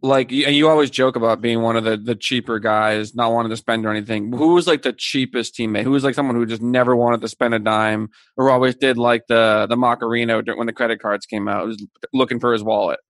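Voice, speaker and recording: A man's voice: medium pitch, steady tone, fast, a bit bright, dry recording, clean studio sound. A man hosting a casual chat, curious and asking questions. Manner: curious, asks questions, laughs along. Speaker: podcast host.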